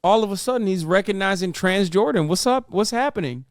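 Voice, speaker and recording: A man's voice: high voice, expressive, brisk. A man streaming and reacting to clips, talking casually with profane, mocking disbelief, often mimicking the people he watches.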